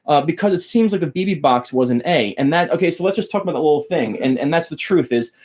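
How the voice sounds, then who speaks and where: A man's voice: on the high side, animated, fast, a little mellow. A man teaching guitar on a casual live stream, rambling, chatting with viewers by name and losing his train of thought. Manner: greets chat viewers by name while teaching.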